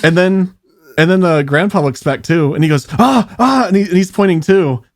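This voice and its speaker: Animated man telling stories, dry mic. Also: on the high side, a little fast, no echo. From Charlotte, North Carolina, US. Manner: animated storyteller, laughs and swears, acts out quotes. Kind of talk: casual podcast chat.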